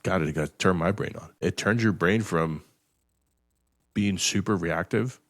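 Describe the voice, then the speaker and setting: Deep-voiced, blunt, swearing man. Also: unhurried, no room sound, studio quality. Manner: profane, emphatic, repeats words when restarting. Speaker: podcast host. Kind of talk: blunt motivational podcast talk.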